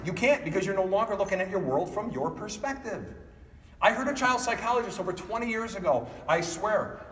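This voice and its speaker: Middle-aged guy doing a keynote, lively up and down delivery, big echoey hall sound. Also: a little high, recorded from a distance. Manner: animated, acts out family members in quick voices. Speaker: keynote speaker. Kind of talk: motivational keynote speech. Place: large hall.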